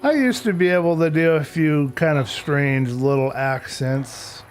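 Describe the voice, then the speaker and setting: During a live game stream, a man with a fairly high voice chats casually with viewers at a measured pace, soft music playing in the background. He talks to himself and grumbles mildly about technical glitches.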